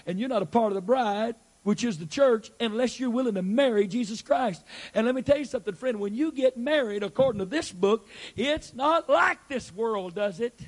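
Man, high voice, preacher, repeats his points, acts out scenes. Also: brisk, darkish tone. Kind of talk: sermon.

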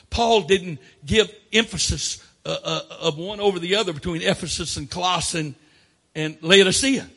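A man preaching a sermon, swinging between loud emphatic declarations and quiet asides. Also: sits high, moderate pace, husky.

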